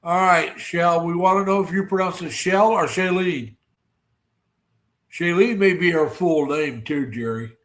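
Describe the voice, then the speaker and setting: A man's voice: high-pitched, unhurried. Chatty male livestream host. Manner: rambling, greets viewers warmly by name; many fillers and restarts. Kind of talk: casual livestream chat.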